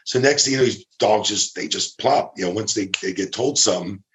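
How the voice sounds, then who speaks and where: A man's voice: on the low side, a little fast. A man casually telling a long story, acting out quotes of the people in it, swearing and laughing as he goes. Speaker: storyteller guest.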